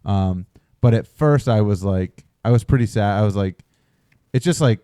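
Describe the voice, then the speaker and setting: Low, dark-voiced man telling a story. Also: clean tone, no echo, clean studio sound. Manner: relaxed storytelling with quick restarts. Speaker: podcast co-host. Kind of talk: casual chat.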